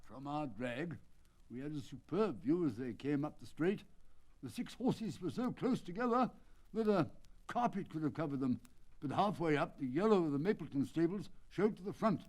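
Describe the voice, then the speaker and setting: An older man narrating a story aloud in a measured, theatrical manner. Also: on the high side, lively intonation, darkish tone. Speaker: audiobook narrator. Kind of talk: dramatic audiobook reading.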